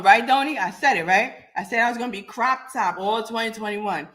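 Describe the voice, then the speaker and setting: A raspy-voiced woman hosts a live podcast while getting over a cold. She talks bluntly and confrontationally, calling out commenters by name. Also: on the high side, expressive, normal speed, fairly bright tone. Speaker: podcast host. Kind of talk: live-stream talk to commenters.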